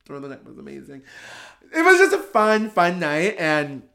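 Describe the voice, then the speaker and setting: Animated drag performer telling a story. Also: medium pitch, normal speed. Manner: animated, lots of filler words and restarts, swears; laughs while talking. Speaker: podcast guest. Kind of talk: casual storytelling.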